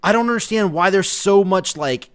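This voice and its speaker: A man co-hosting a wrestling podcast in casual chat, excitable, cursing freely and restarting his sentences. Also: high voice, moderate pace, clean tone. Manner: excitable, swearing, trailing restarts. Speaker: podcast co-host.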